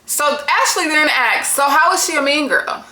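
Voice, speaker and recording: Her voice is high, expressive and bright with a forceful tone, at normal speed. Hosting a reality TV recap, she's blunt, exasperated and swears freely in profane, casual commentary, recorded in an echoey room.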